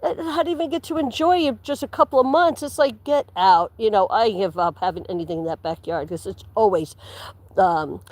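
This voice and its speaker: A woman's voice: mid-range voice, a little fast, no echo. A woman hosting a livestream, chatting casually and rambling as she walks through the woods. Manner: chatty, rambling, laughs often, drops to a whisper at times. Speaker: livestream host. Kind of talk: casual chat while walking outdoors. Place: walking through woods outdoors.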